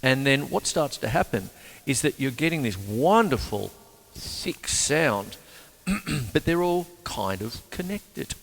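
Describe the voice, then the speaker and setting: A man's voice: mid-range voice, big pitch swings, slow pace, creaky, in a large hall. An Australian man giving a casual drum lesson, chatty and rambling, cracking jokes and saying "you see" a lot. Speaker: drum teacher. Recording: drum kit playing behind the voice.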